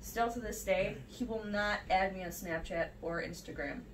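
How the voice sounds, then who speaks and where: A woman's voice: medium pitch, moderate pace. A young woman on a podcast, bluntly telling an anecdote with some swearing. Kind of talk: casual chat. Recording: far from the mic with faint noise.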